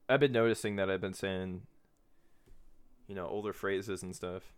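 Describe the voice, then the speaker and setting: A man's voice: low-pitched, steady tone, a little slow, smooth. A man in his twenties rambling casually on a podcast, swearing freely and laughing often. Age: 20s. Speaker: podcast host.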